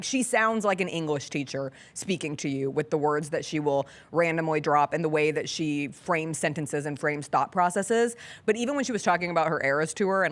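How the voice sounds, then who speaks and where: A woman hosting a sports talk show, chatting casually with an animated, laughing delivery and quick asides. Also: on the low side. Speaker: sports radio host. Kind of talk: casual studio chat.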